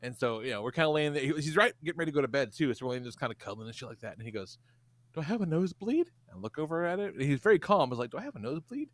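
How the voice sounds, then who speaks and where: A man's voice: medium pitch, animated, very fast, few pauses, no room sound. A man co-hosting a podcast, telling a rambling story with lots of swearing and laughter. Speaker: podcast co-host. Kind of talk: casual podcast chat.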